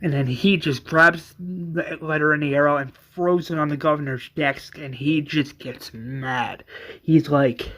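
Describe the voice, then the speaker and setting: A man retelling a fan fiction story, halting and repeating his words. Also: fairly high pitch, fairly even intonation, fairly bright tone.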